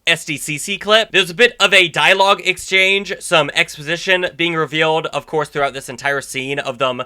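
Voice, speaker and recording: A male YouTuber talks excitedly through a trailer breakdown with a higher-pitched voice. His tone is piercingly bright and forceful. He sounds chatty and keen, thinking aloud as he goes. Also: normal speed, smooth. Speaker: YouTube host.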